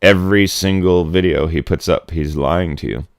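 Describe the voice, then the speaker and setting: A man's voice: low voice, moderate pace, clear, resonant tone, dry recording, clean studio sound. A middle-aged man from Connecticut, hosting a casual livestream chat, rambling and swearing bluntly as he rants. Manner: blunt, rambling, profane ranting. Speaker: livestream host.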